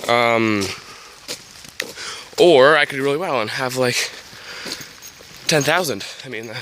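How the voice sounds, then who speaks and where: A teenage boy chats to his handheld camera in a loose, rambling way, full of ums and little laughs. His pitch is ordinary for a young man. The recording is noisy, with wind and heavy rain behind him outdoors. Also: unhurried, pauses often, pushed and bright. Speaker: vlogger. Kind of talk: casual vlog talk to camera. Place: home, then outdoors by a road in heavy rain.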